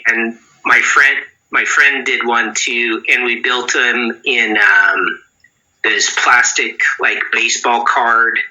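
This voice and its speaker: A man's voice: medium pitch, little pitch movement, slow pace, sharp tone, low-quality recording. A man around forty, a guitar pedal builder, giving rambling interview answers with many restarts.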